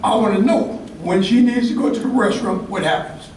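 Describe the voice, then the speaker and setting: An older man from Harlem tells a story in a speech, lively and acting out each character. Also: high voice, moderate pace, a little hiss or hum. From Harlem, New York. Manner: animated storyteller, acts out quotes. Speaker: ceremony speaker. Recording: echoey hall from far off, faint ambience.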